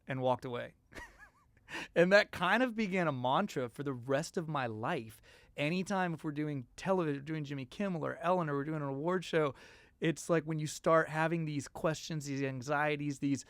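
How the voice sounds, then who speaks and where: A man's voice: on the high side, moderate pace, dry recording. A man, a songwriter guest, telling stories in a casual interview and acting out the voices of the people he quotes. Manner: animated, acts out quoted voices.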